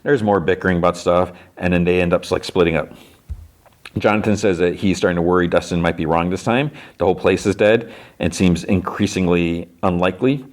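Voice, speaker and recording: A male podcast host walks through a TV episode in a loose, rambling style, leaning on fillers as he goes. His voice sits very low, and his delivery is relaxed and conversational. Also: fairly quick. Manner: rambling, filler-heavy with lots of "like". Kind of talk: casual recap of TV episodes.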